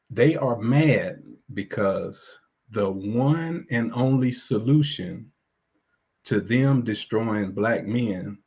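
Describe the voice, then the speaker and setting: A man's voice: on the low side, darkish tone, breathy edge. A man on a livestream panel, making emphatic, slogan-like declarations. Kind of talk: heated livestream talk.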